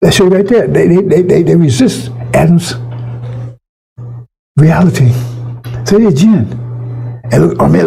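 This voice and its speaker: A man's voice: on the high side, animated, moderate pace, creaky, darkish tone, husky, rough recording. A man preaching an informal, fiery sermon to his congregation, emphatic and profane, often stumbling and restarting his words.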